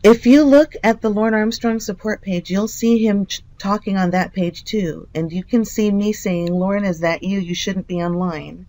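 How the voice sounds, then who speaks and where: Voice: mid-range voice, fairly even intonation, moderate pace, hardly any pauses, darkish tone. A person on a private phone call, speaking earnestly, apologizing and reassuring the other side. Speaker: caller.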